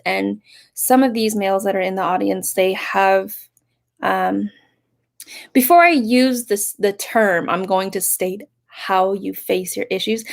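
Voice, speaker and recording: Soft, rambling young woman reader. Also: mid-range voice, creaky. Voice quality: soft-spoken, rambling, greets viewers with sudden excitement. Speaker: live tarot reader. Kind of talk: casual live-stream reading.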